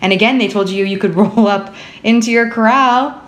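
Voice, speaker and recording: A woman co-hosting a podcast in casual chat, bubbly and quick to laugh. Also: fairly high pitch. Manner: bubbly, laughs often, chatty. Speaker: podcast co-host. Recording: roomy echo.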